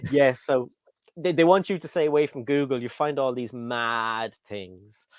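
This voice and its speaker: A British man hosts a casual livestream chat in a medium-pitched voice with lively intonation, unhurried and free of echo. He rambles along and reads viewer comments aloud.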